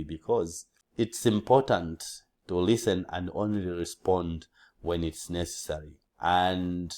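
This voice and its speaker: A man with a very deep voice talks viewers through test-day tips in a loose, unscripted way. He is earnest and repeats each piece of advice, often backing up to restart a sentence. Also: darkish tone. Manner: earnest, repeats key points, frequent restarts. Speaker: English test coach. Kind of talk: casual teaching monologue.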